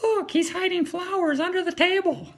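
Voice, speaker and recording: A man voicing a heckling parrot that shouts out a magician's tricks in shrill squawks. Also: moderate pace. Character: heckling male parrot on a cruise ship.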